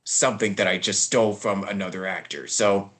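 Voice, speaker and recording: A man's voice: fairly low pitch, fairly even intonation, fairly quick, a bit bright. Rambling young male podcast host. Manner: rambling, many fillers and restarts. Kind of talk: casual interview chat.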